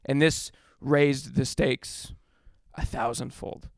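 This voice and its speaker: Gravelly young man doing stand-up. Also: mid-range voice, fairly even intonation, slow pace, dry recording, clean studio sound. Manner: rambling, self-interrupting, laughs at own jokes. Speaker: stand-up comedian. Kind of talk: stand-up storytelling. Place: comedy club stage.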